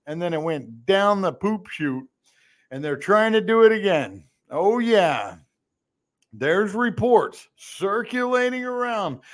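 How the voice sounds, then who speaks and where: A male podcast host doing a live political talk monologue, animated and sarcastic, ranting and slipping into mocking impressions. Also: high voice.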